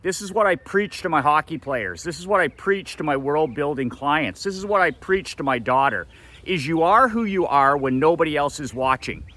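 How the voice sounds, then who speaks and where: A man, a coach and motivational speaker, telling a personal story in an animated way and acting out quotes with big jumps in pitch. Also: moderate pace. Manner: preachy repetition of a motto. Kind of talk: storytelling monologue.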